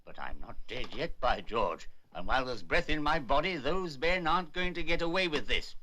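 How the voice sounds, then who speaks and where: An actor playing a gruff, kindly old English squire in a wheelchair, with bluff, old-fashioned exclamations, in a 1960s film drama. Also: male voice, mid-range voice, expressive, normal speed, background noise, natural voice. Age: older.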